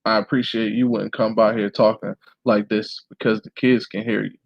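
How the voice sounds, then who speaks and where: A man's voice: fairly low pitch, flat delivery, normal speed, gravelly, dry recording. A man reading the part of a polite, restrained mother in a memoir, on a dull dry recording.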